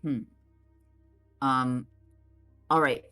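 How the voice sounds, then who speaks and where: A woman's voice: a bass voice, fairly even intonation, drawn-out words, bright, forceful tone, soft background music. A woman playing a tabletop game, asking questions and thinking aloud in casual, giggly chat. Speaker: player.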